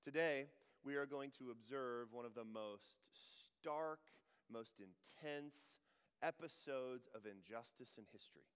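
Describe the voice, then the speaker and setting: A man's voice: mid-range voice, measured pace, clean tone, big-room sound. A man preaching a sermon as a pastor, conversational and joking in asides.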